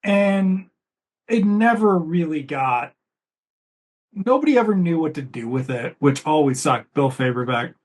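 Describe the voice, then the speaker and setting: A man's voice: a little high, expressive, a little slow. A man co-hosting a casual movie commentary, rambling and chatty, swearing offhandedly. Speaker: podcast co-host.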